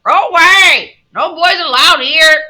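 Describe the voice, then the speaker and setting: A woman voicing a rude old parrot that screeches insults, in a shrill, squawking voice. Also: slow pace, pushed and bright, exaggerated voice. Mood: screeching.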